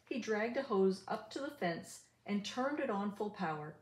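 An older woman reading a rhyming picture book aloud in an animated, sing-song way. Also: mid-range voice, normal speed, hardly any pauses, echoey room. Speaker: storybook reader.

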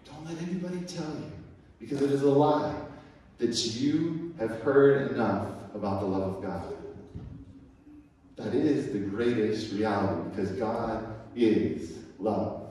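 A man preaching a sermon as pastor, emphatic, swinging between loud and soft. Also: on the low side, takes it slowly. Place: church sanctuary. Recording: echoey hall, mic far off.

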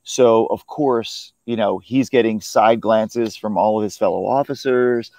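A man with a fairly low voice talks through a film review in a loose, chatty way. He circles back on himself, stacking fillers and restarts as he gathers his thoughts. The sound is dry and close, with no room around it. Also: measured pace, darkish tone, no echo. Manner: hesitant, full of restarts and "you know". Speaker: film critic. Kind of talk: casual film review chat.

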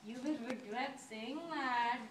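A woman's voice: on the high side, a little slow, slight background noise. A young woman acting as a pushy, haggling Indian mother in a school talent-show skit. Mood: threatening. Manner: loud, pushy and mock-menacing. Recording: roomy hall from far off with crowd.

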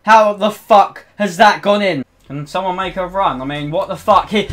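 A young man commentating his own football video game match, swinging between low muttering and swearing, shouting outbursts. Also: normal speed. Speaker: gaming YouTuber. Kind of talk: live gameplay commentary.

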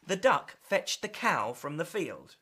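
A woman reading a picture book aloud for children. Her delivery is bright and lively, rising and falling a great deal. She reads slowly and carefully. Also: on the low side, husky. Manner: expressive, animated. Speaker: storyteller.

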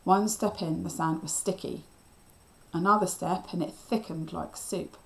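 A woman's voice: on the low side, unhurried, vocal fry, poor audio. Woman reading a children's novel aloud. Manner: steady, expressive storytelling. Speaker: teacher.

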